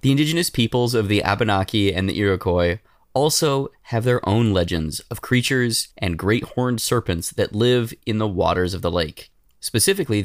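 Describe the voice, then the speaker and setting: Casting: a male podcast host with a low voice, reading history notes in a casual way and joking with his co-host; dry, close sound. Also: dry recording. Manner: reads history notes, then breaks into jokey banter.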